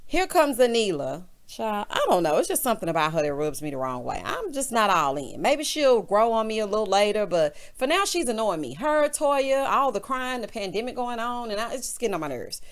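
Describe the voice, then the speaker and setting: A woman's voice: mid-range voice, big pitch swings, a little fast, hardly any pauses. A woman recapping a reality show in casual commentary, sassy and gossipy, talking straight to her viewers. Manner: sassy, gossipy, speaks to the audience directly.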